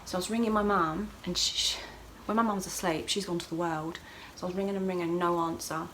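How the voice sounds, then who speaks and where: Woman telling a story, animated. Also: fast talker, a little hiss or hum, rough recording. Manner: animated, acts out voices of others with sharp jumps in pitch and loudness. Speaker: vlogger. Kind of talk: casual storytelling to camera.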